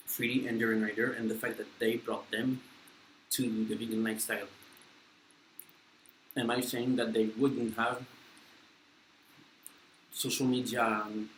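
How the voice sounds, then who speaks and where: A young man with a French accent, speaking in a lowish voice. He chats while eating, rambling, blunt and a little profane, with plenty of fillers. The sound is echoey, with a faint hum of room ambience behind him. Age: young adult. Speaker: vlogger. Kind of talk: casual mukbang chat while eating.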